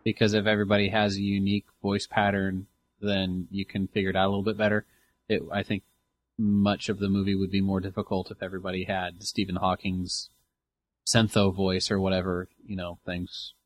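A man co-hosting a casual podcast, speaking in a low-key, thoughtful way. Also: completely flat delivery, brisk. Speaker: podcast co-host.

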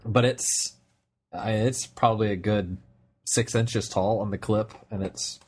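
Young guy, kinda low voice, rambling podcast chat, lots of ums and restarts. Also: fairly even intonation, measured pace, slightly rough. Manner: rambling, frequent restarts and fillers. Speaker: podcast co-host. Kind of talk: casual chat.

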